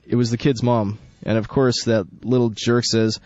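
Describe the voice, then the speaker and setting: A man's voice: medium pitch, level tone, normal speed, few pauses, dark tone, dry recording. A young man hosting college radio, rambling, joking and correcting himself while he reads a story. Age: young adult. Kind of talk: casual radio chat and reading a story. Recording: dull dry lo-fi studio with faint music.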